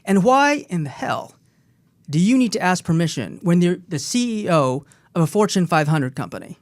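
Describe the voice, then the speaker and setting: A woman's voice: fairly low pitch, big pitch swings, moderate pace. Emphatic woman telling a story on a talk show. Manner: emphatic, storytelling, repeats key phrases. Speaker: co-author and former co-host.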